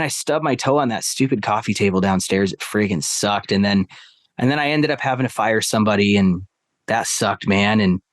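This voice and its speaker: A man's voice: mid-range voice, no echo, studio quality. A man in casual storytelling, a stepfather talking about his family, rambling with many fillers. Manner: rambling, heavy on fillers like "like" and "right?". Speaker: podcast guest.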